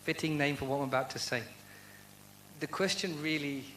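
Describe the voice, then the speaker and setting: A man's voice: fairly high pitch, fairly even intonation, normal speed, bright, forceful tone, low-quality recording. A man with a slightly raised voice answers questions at a university event, sincere and heartfelt. He speaks in an earnest devotional style and leans on rhetorical questions. A faint hum sits under his voice. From United Kingdom. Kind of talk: devotional talk and Q&A.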